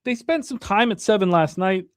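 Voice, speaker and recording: Quick man reading betting lines. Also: sits high, expressive, clean tone, no room sound. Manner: reads odds and numbers quickly, many fillers. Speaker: sports betting show co-host. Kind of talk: casual sports betting talk.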